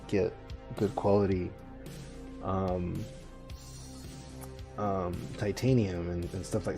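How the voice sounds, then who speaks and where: A man co-hosting a radio show, chatting casually and rambling with lots of fillers, restarts and swearing. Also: lowish voice. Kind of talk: casual chat.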